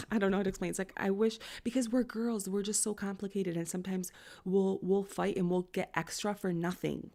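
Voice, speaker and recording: A woman's voice: mid-range voice, a little mellow. A young woman giving a casual astrology and tarot reading, chatty and rambling, full of "like" and "you know".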